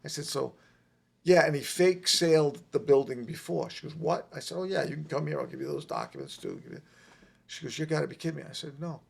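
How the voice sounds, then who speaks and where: Emphatic gravelly man telling a story. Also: a little high, brisk. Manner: emphatic, animated storyteller, repeats himself. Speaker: podcast guest. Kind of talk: casual storytelling.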